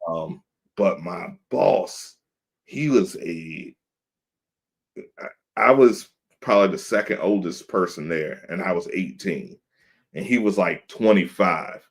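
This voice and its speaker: Low-voiced man telling a story. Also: takes it slowly, creaky, husky. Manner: animated storyteller, acts out quoted voices. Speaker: podcast host. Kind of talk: casual storytelling.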